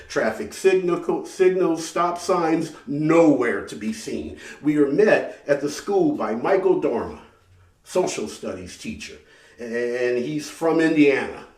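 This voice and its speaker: Heard through a distant mic in a roomy space, this man has a mid-range, a little mellow voice. His solo theatrical storytelling is dramatic, marked by frequent halting repetitions of words.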